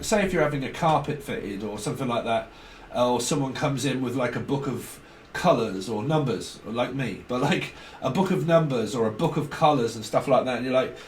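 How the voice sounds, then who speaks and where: A man giving a rambling tarot reading. He chats casually, swears now and then, and acts out little snippets of dialogue. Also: mid-range voice. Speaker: tarot reader. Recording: echoey room with faint background noise.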